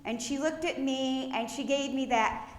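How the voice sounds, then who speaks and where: High bright woman pastor, slow and echoey. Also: a little hiss or hum. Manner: warm storytelling with gentle laughs. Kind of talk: funeral eulogy. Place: church sanctuary. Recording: echoey church room.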